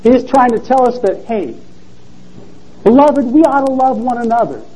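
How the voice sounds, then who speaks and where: High, lively husky male preacher. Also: normal speed, poor audio. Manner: earnest, expressive storytelling. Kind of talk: sermon with read-aloud story.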